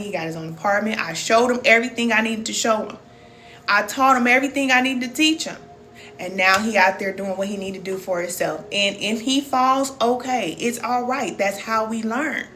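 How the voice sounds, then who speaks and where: A woman's voice: mid-range voice, pushed and bright, a little hiss or hum. A woman in her forties with a Southern US accent, speaking as a wellness coach and reading viewer comments aloud with a preacher-like cadence. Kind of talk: live-stream motivational talk.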